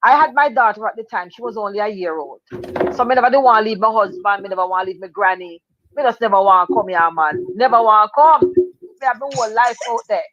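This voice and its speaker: A woman's voice: medium pitch, fast talker, fairly bright tone, no echo. A middle-aged Jamaican woman chatting animatedly in patois, telling a story on a radio talk show. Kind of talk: casual storytelling chat. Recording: dull, dry lo-fi sound.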